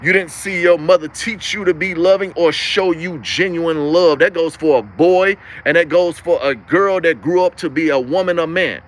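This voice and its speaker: A young man with a high-pitched voice delivers a preachy livestream monologue. He hammers his points home with emphatic, repetitive phrasing. He talks the whole time as the live-stream host. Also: normal speed, hardly any pauses.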